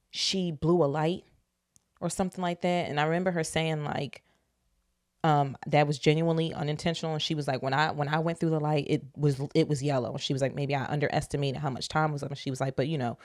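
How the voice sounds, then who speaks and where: A young adult woman from the United States hosting a podcast, candidly retelling a story in a casual, profane, animated way. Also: deep voice, vocal fry, no echo, clean studio sound. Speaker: podcast host.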